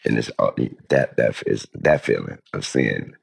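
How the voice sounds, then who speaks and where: A man with a very low, gravelly voice talks through a relaxed interview. His delivery is loose and rambling, and he often restarts his sentences and fills the gaps with fillers. He comes across as an easygoing guest. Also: measured pace, no echo. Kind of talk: casual interview talk.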